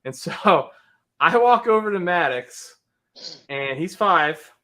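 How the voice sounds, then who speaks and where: A man's voice: high voice, expressive, slow, pushed and bright. A man in his thirties hosting a casual livestream, telling a rambling story, laughing often and greeting viewers in the chat. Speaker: livestream host.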